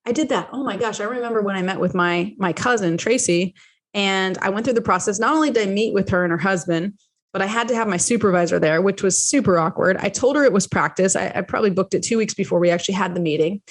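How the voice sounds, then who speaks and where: A woman hosting her own podcast, coaching listeners in a chatty, animated way and slipping into lively voices when she quotes people. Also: medium pitch, fast talker. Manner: repeats and restarts phrases while explaining. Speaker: podcast host and business coach. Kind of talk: solo podcast teaching.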